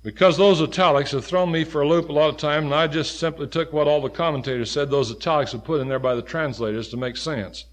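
A male preacher delivering a sermon with a somewhat high voice. His pitch swings widely as he climbs to emphatic, loud peaks and then sinks low and quiet. He reads scripture in its old wording. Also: quick pace, few pauses. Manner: quotes scripture in old King James wording.

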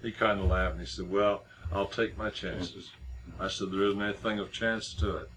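A man's voice: sits low, steady tone, normal speed, a bit bright, slight background noise, poor audio. A middle-aged man preaching a sermon in a conversational way, with many restarts and repeated words as he tells a story.

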